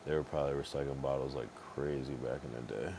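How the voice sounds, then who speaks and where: A man's voice: extremely low pitch, steady tone, quick pace, dark tone, slight background noise. A man streaming late at night, a bit tipsy, rambling loosely with plenty of profanity as he reacts to things on screen. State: tipsy from drinking.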